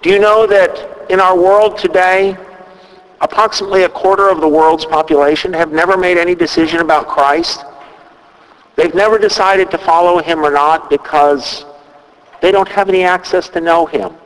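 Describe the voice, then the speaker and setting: A man preaching a sermon, retelling a scripture story at a measured pace and quoting its dialogue. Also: high-pitched, fairly even intonation, big-room sound, low-quality recording. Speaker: pastor. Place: church.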